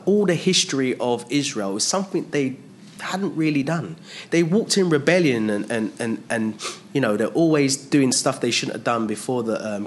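Slow, animated male Bible preacher. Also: medium pitch, slight background noise. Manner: animated, voices the speakers in the passage, rises and drops sharply. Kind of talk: expository Bible teaching.

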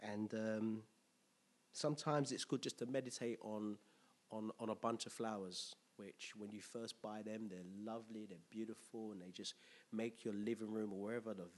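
A man preaching a conversational sermon, telling stories with lively impressions. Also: on the low side. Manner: storytelling with animated impressions and laughter.

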